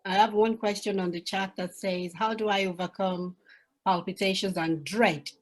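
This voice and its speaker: A woman moderating an online session, quietly relaying questions from the chat. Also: mid-range voice, fairly even intonation, moderate pace. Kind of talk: casual moderating.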